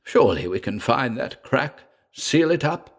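A man voicing a young gentleman heir who is anxious and quick to exclaim. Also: medium pitch, very animated.

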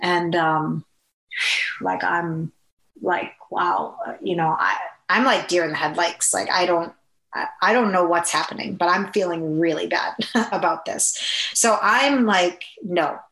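A woman with a fairly low voice recounts a painful personal experience, pausing often and restarting her sentences. The recording has an echoey, roomy sound around her. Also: creaky, fairly bright tone. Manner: halting, many fillers and restarts. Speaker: guest telling a personal story. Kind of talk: personal testimony, conversational. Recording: echoey room.

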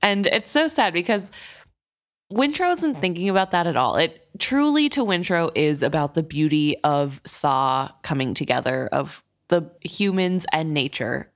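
A woman's voice: low voice, animated, unhurried. A woman co-hosting a casual book podcast, chatty and laughing often as she talks. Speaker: podcast co-host.

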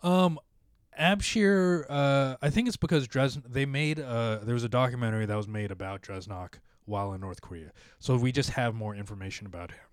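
A man's voice: medium pitch, moderate pace, no room sound, clean studio sound. A man hosting a podcast, telling a story in casual chat, rambling with lots of fillers and acting out the voices he quotes.

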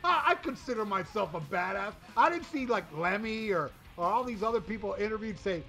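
High, bright-voiced man ranting profanely. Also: expressive, a little fast, few pauses. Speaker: podcast co-host reviewing an album. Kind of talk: casual chat.

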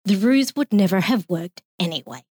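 A woman with an Australian accent reading her own poem aloud in a measured, expressive way. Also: mid-range voice, slightly rough, dry recording, clean studio sound.

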